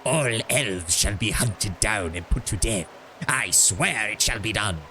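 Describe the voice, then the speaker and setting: A man doing an impression of a sinister old male emperor, slow and menacing. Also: fairly low pitch, pushed and bright, slight background noise.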